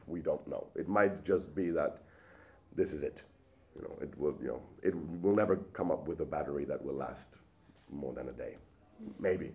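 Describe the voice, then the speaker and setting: A man giving a public lecture in a hall, with lively rhetorical questions and frequent restarts. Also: low-pitched.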